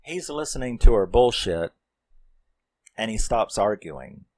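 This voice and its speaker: A man's voice: lowish voice, very animated, unhurried, a little mellow, poor audio. A man reviewing a film, recapping the plot in a rambling, casual way with lots of fillers and some swearing.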